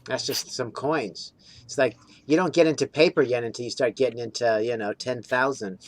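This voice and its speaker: A man chatting casually as a host, relaxed and rambling, chuckling now and then. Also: medium pitch, normal speed, no echo. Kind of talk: casual chat.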